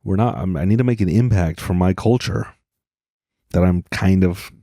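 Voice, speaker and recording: Deep-voiced man rambling solo on a podcast. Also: moderate pace, dark tone, dry recording, studio quality. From Utah. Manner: rambling, self-deprecating, jokey. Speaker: podcast host. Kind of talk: solo comedic podcast monologue.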